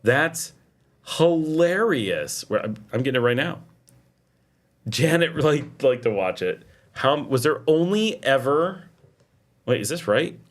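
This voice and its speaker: A man's voice: medium pitch, lively intonation, a little slow, pauses often. A middle-aged man hosting a casual livestream, chatting and reading viewer comments aloud. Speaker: livestream host. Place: home in Nicaragua.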